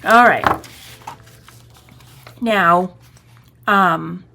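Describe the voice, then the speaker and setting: Boston-accented woman, craft-tutorial host, a bit of gravel in her voice, rambles and self-corrects as she works. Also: fairly low pitch, extremely slow, bright, forceful tone. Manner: chatty, rambling, self-correcting, often checking the viewer follows. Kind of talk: casual step-by-step crafting tutorial.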